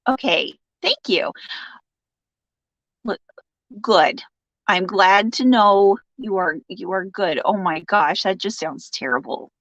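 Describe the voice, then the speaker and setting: A woman's voice: medium pitch, slow, long pauses, a bit bright, dry recording, dull audio. A woman hosting a casual live stream, reading out viewer comments, joking and laughing often and turning sympathetic when someone shares bad news. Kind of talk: casual chat.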